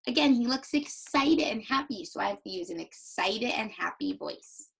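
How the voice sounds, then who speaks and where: A young woman teacher giving a recorded reading lesson to young children, with exaggerated, animated demonstrations. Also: a little high, moderate pace, creaky, husky, rough recording.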